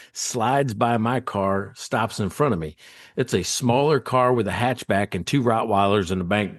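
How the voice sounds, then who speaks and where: Podcast guest, man, lowish voice, animated storyteller who acts out quotes and laughs a lot. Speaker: guest, former state trooper.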